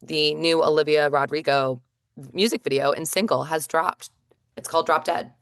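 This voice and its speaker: Chatty lower-voiced woman podcaster. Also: gravelly, no echo, clean studio sound. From northeastern United States. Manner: chatty storyteller, quick asides and "like" fillers. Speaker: podcast co-host. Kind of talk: casual chat.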